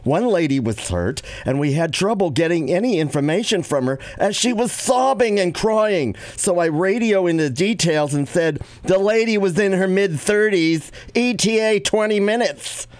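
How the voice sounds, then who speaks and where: A man's voice: high-pitched, animated, normal speed, few pauses, no echo, pitched above the performer's own voice. A man putting on his late mother's New York accent as an older woman reading confessions aloud in a drawling, exaggerated voice. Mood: amused.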